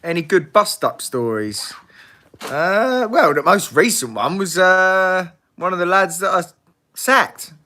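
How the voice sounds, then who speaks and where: Man, bright voice, fairly high, blunt sweary livestream chat, laughs a lot. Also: very animated, slow pace. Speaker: livestream host. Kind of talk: casual live Q&A chat.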